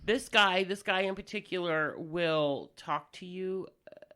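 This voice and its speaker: A woman's voice: fairly low pitch, a little slow, fairly bright tone, smooth. A woman co-hosting a podcast, chatting casually with a blunt, sarcastic manner and lots of swearing. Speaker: podcast co-host.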